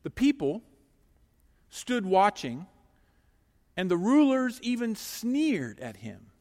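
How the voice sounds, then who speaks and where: A man preaching a sermon, swinging between hushed, slow lines and loud, urgent ones. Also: high voice, huge pitch swings, big-room sound.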